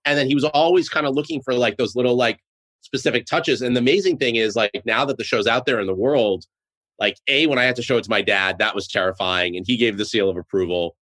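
Bright-voiced chatty man guest. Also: medium pitch, fast. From Boston. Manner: chatty, filler-heavy, enthusiastic. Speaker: TV show co-creator guest. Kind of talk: casual interview chat.

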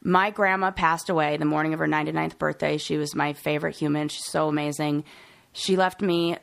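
A woman's voice: deep voice, fairly even intonation, brisk, creaky. A woman co-hosting a podcast in casual conversation, emotional and tearful, talking in a rambling way. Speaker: podcast co-host.

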